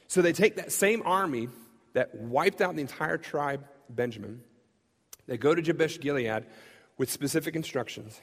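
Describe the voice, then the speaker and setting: A man preaching, casually retelling a story in a lively, conversational way. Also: a little high, normal speed. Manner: lively, conversational, acts out quotes. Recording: long hall reverb.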